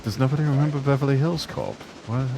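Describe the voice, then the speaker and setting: A man's voice: medium pitch, quick pace, vocal fry, background noise. A man chatting on a game stream, telling stories in a rambling, hesitant way. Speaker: stream co-player. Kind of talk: casual game-stream chat.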